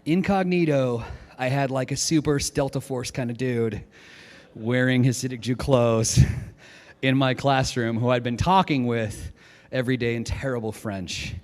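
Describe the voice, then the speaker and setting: Animated pastor in a reverberant hall. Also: male voice, mid-range voice, unhurried. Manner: animated, lively storytelling with acted-out quotes. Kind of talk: storytelling sermon.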